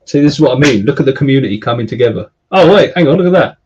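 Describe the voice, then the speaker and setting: A man's voice: medium pitch, animated, very fast, a little mellow, dull audio, a little hiss or hum. A British man co-hosting a casual reptile live stream, joking around and reading out chat messages. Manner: jokey, banter-heavy, reads chat aloud.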